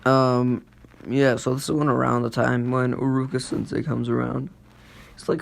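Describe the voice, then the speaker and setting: A man's voice: mid-range voice, little pitch movement, normal speed, creaky. A young man casually improvising a fan story, rambling with lots of fillers and self-corrections.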